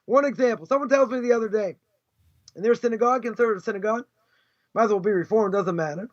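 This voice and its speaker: A male rabbi lecturing with a very high voice, firing off emphatic, scornful rhetorical questions. The audio is dull and lo-fi, with the top end muffled. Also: quick pace. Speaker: rabbi teaching a class. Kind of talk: live Torah lecture.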